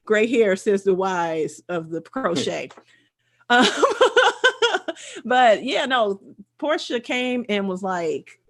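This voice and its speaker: A woman's voice: fairly high pitch, big pitch swings, takes it slowly, fairly bright tone. A middle-aged woman hosting a casual chat, telling stories with lots of laughter. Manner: laughing, chatty storyteller. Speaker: host.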